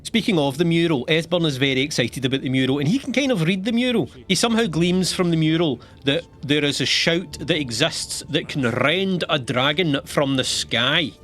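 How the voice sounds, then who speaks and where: A young man narrating a comedic video game summary, sarcastic and animated, swearing casually and laughing between lines. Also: on the high side, moderate pace, hardly any pauses.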